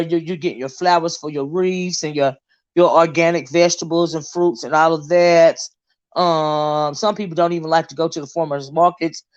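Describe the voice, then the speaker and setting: A chatty middle-aged woman hosts a casual livestream, calling out viewers by name and wandering into side remarks. Her voice sits a little low for a woman. The audio sounds dull and lo-fi. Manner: chatty, greets viewers by name, rambling asides. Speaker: livestream host.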